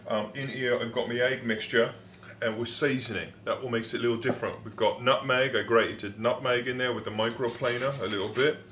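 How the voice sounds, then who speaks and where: A man's voice: mid-range voice, fairly even intonation, brisk, few pauses, a bit bright, a little hiss or hum. Man hamming up a London accent while cooking in a roomy kitchen, casual and hesitant. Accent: put-on London accent. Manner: rambling, hesitant with many ums, playful. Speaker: novelist cooking a recipe.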